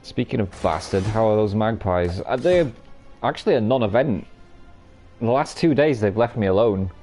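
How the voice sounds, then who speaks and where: Faint music plays behind a man livestreaming a card game, who talks through his moves while joking around with viewers, ribbing chat, and cursing liberally. He has a lowish, slightly mellow voice and sounds animated at a moderate pace.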